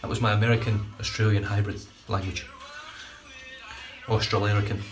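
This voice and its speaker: A man talks through his shave in his own bathroom, loose and chatty, cursing casually and often stopping to correct himself. His voice sits low and stays fairly level in pitch. Music plays behind him. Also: little pitch movement, moderate pace. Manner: rambling, sweary, self-correcting. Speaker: shaving vlogger. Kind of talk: casual product review chat. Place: home bathroom.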